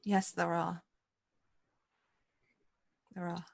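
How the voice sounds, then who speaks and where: A woman's voice: fairly low pitch, level tone, vocal fry, heavily acted. A woman playing Mara, a remorseful noble sister. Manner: earnest, apologetic, halting.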